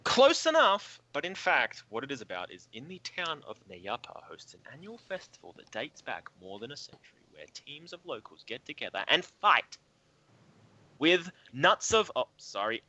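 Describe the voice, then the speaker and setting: A man's voice: mid-range voice, wildly swooping pitch, moderate pace, bright, forceful tone, no echo. A man co-hosting a casual comedy podcast, reading odd news items in a mock-announcer way. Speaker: podcast co-host.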